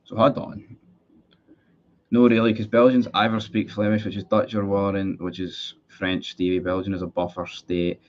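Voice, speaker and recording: A Scottish man with a fairly low voice talks through a live football match for his stream, swearing at his team and answering viewers in the chat. His audio is dull and lo-fi, like a cheap streaming setup. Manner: frustrated, sweary, chatty with viewers. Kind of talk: live match watchalong commentary.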